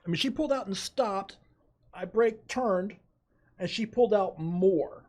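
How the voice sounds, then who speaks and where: A middle-aged man, a podcast guest, telling a story in animated, dramatic fashion with quoted asides. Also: high-pitched, a little slow. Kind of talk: casual storytelling.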